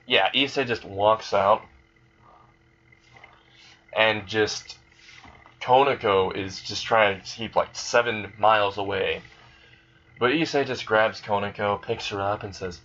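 A man's voice: on the low side, a bit bright, muffled recording. A man casually telling an improvised fan story, rambling and swearing as he goes.

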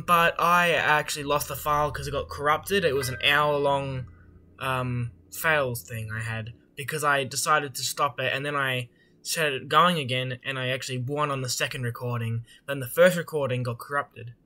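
Bright, excitable young gamer. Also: mid-range voice, moderate pace. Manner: excitable, swears a lot, bursts into loud surprised reactions. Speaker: gamer playing a horror game. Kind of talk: casual gameplay commentary.

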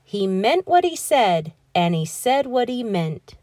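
A woman reading a children's rhyming storybook aloud in a lively, expressive, rhythmic way. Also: mid-range voice, slow pace, no room sound, studio quality. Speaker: children's book reader.

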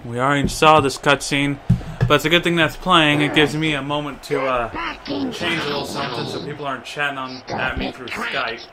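A young man hosting a blind let's play, commentating excitably, swearing and yelling at the game as he plays. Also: fairly high pitch, a little fast. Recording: loud game music behind the voice.

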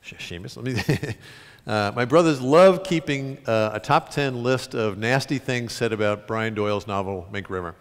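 A middle-aged man, an author, speaking to an audience, reading and telling stories in an animated, self-mocking way, full of restarts. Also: medium pitch, normal speed. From United States. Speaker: author giving a talk. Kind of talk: public reading and storytelling talk. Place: large concert hall. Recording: long reverb of a concert hall.

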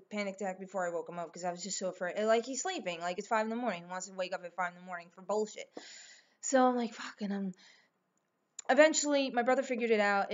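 Rambling, swearing young woman vlogger. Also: mid-range voice. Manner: rambling and emphatic, swears often, acts out voices in quotes. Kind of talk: casual storytelling. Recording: slightly dull lo-fi recording.

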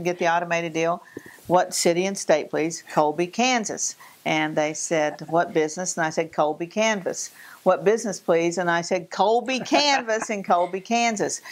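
Southern Appalachian woman, chatty co-host. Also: mid-range voice. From Southern US, Virginia and North Carolina. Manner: animated storyteller, mimics voices. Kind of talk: casual studio chat.

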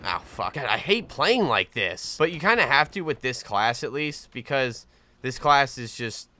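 A man giving casual gameplay commentary as a gaming video host, excitable and swearing often, with frequent laughs. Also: medium pitch, moderate pace. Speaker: gaming YouTuber. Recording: game gunfire behind voice. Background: game gunfire and explosions.

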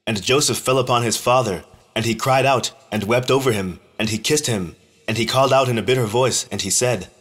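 A man reading an old religious text aloud in a slow, measured, solemn manner, with deliberate phrasing. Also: medium pitch, a bit bright, breathy edge. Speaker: scripture reader.

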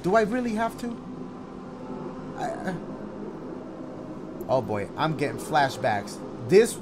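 A man giving excitable, jokey let's-play commentary, slangy and talking to himself as he plays. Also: a little high, slow, pauses often, background noise. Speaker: gaming YouTuber. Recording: game music under the voice.

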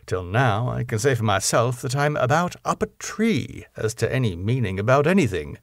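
A man voicing a proud young English lord who speaks earnestly and formally and is quick to take offence. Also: mid-range voice, sing-song, dry recording, clean studio sound. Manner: earnest and formal, rising to indignation.

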